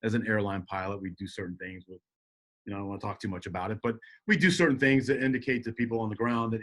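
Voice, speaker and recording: A middle-aged man telling a story as a podcast guest, animated and jokey, acting out quotes in shifting voices. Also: fairly low pitch, fast. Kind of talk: casual storytelling.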